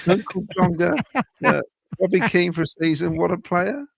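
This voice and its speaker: On a casual football fan podcast, a Midlands man with a Coventry accent and a high, gravelly voice reads viewer comments and chats in between. It's recorded with studio quality and no room sound.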